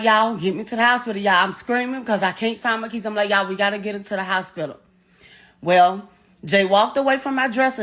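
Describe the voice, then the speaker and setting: A woman's voice: on the high side, a bit bright. A middle-aged woman, bluntly and emotionally retelling a painful story as a bereaved mother, swearing often and repeating herself. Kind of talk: raw first-person storytelling.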